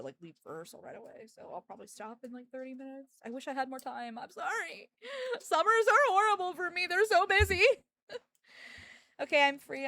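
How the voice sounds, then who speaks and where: A woman's voice: a little high, vocal fry, a bit bright. A woman streamer chatting casually with her audience, rambling and joking and talking to her dogs between thoughts. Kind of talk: casual live-stream chat.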